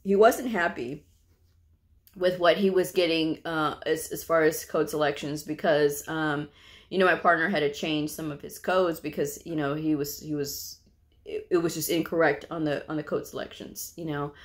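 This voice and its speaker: Woman vlogger rambling thru a work story, kinda low voice, lots of "you know"s. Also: fairly even intonation, moderate pace. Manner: chatty, lots of fillers and asides; laughs while telling the story. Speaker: medical coding vlogger. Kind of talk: casual storytelling.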